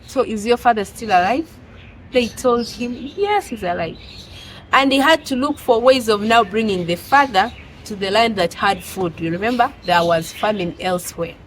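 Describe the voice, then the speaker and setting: A woman's voice: mid-range voice, poor audio. A woman with a non-native English accent giving an earnest, exhorting motivational sermon full of rhetorical questions. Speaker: preacher.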